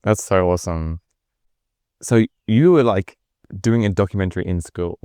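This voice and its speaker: A man's voice: deep voice, moderate pace, warm tone, clear, resonant tone, dry recording, clean studio sound. A man hosting a podcast, giving brief encouraging replies in casual conversation. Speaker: podcast host.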